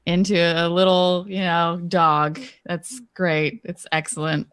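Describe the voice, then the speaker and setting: A woman's voice: on the low side, steady tone, takes it slowly, fairly bright tone, clean tone, dry recording. A woman playing a tabletop game, rambling and dryly sarcastic. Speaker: player. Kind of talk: casual tabletop play.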